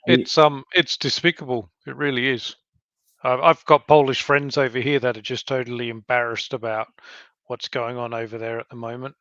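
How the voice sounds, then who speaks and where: A man from Australia speaks earnestly in casual chat, his voice bright and forceful. The sound is dry and slightly dull, with no room around it. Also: medium pitch, little pitch movement, moderate pace, no room sound. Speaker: co-host.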